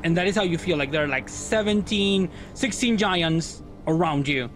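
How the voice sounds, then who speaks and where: A man's voice: high-pitched, animated, normal speed, music in the background. A man narrating as game master of a tabletop game, rambling and searching for words with lots of fillers.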